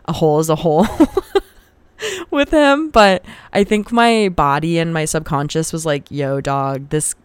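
A woman's voice: low voice, animated, measured pace, clear, resonant tone, dry recording. A young woman hosting a podcast, telling a personal story in a frank, profane, casual way and getting heated as she retells arguments. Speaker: podcast host.

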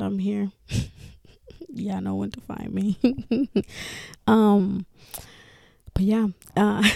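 A woman's voice: medium pitch, gravelly, dark tone, no room sound, clean studio sound. A woman, hosting a podcast in casual personal talk, candid and swearing, often laughing between phrases. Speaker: podcast host.

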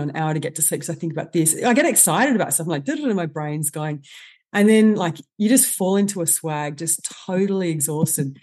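A woman, a guest expert on stress, explaining with animated enthusiasm in a podcast interview. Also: low voice. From Australia.

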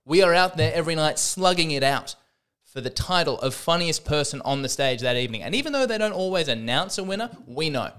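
A man's voice: on the high side, animated, fairly quick, fairly bright tone, smooth. A man hosting a podcast, delivering a rambling, self-deprecating comedic monologue with frequent restarts. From Australia. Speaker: podcast host.

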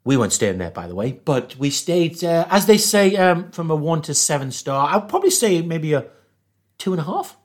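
A man's voice: fairly high pitch, normal speed. Geordie guy spinning a yarn on a podcast, voice jumps all over, keeps cracking himself up. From northeast England. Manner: animated, laughs often, acts out quotes. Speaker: podcast guest. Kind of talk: casual storytelling.

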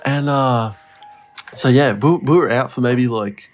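A man's voice: mid-range voice, unhurried, soft background music. A man co-hosting a podcast, telling a story in a rambling, laughing way with a lot of swearing. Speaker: podcast co-host. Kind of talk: casual storytelling chat.

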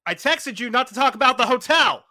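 A man's voice: very high voice, fairly quick, bright, forceful tone, heavily acted. A man doing an impression of a grumpy, self-serious comedian who talks bluntly and stammers when annoyed. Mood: irritated.

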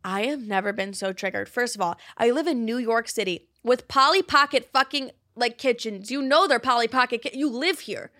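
A woman's voice: on the high side, moderate pace, few pauses, sharp tone, no echo, studio quality. A young woman in her twenties hosting a podcast, chatting casually and swearing freely, with lots of likes and some laughter. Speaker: podcast host. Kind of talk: casual chat. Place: apartment in a big US city.

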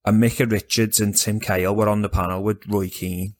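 A man chatting casually about football as a podcast co-host, animated and sweary, rambling with restarts. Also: lowish voice, brisk.

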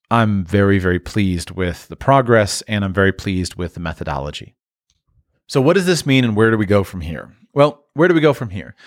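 A man's voice: fairly low pitch, no room sound, clean studio sound. A man speaking in a casual monologue as a parent, thoughtful, often restarting and trailing off. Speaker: parent talking about language learning.

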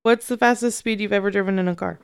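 Giggly young woman with a smooth voice. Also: mid-range voice, fairly even intonation, fast talker, dry recording, clean studio sound. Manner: giggly, blunt, playful answers. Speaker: podcast guest. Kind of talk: casual chat, quick-fire answers.

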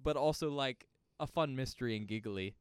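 A man's voice: mid-range voice, a little fast, smooth, no room sound. A young man co-hosting a horror movie podcast, chatting casually and upbeat with lots of "like". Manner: chatty, upbeat, uses "like" often. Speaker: podcast co-host. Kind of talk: casual movie review chat.

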